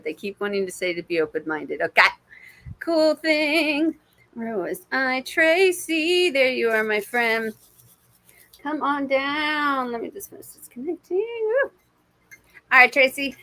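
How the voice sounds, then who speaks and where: A woman's voice: medium pitch, a bit bright. A woman giving live intuitive readings to viewers on a stream, casual and encouraging, with plenty of swearing and pet names like babe and my friend. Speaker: intuitive reader.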